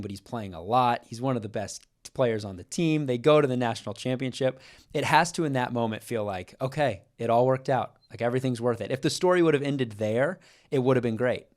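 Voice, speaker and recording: A man's voice: mid-range voice, a little mellow. A young man from Kansas co-hosting a podcast, speaking in an earnest, reflective way with frequent restarts. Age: young adult. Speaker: podcast co-host. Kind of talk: casual podcast chat.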